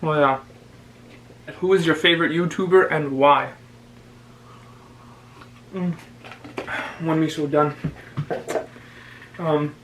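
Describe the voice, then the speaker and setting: A young man from Canada, a vlogger, chatting casually and giving advice, pausing now and then to chew. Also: on the high side, a little hiss or hum, rough recording. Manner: relaxed, chatty, with pauses to chew. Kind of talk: casual chat while eating.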